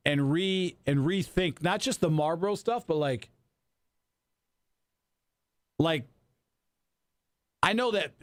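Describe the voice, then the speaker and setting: A man in his forties in loose, profane, rambling chat on a radio talk show. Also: sits high. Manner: profane, rambling banter with restarts. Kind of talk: casual chat.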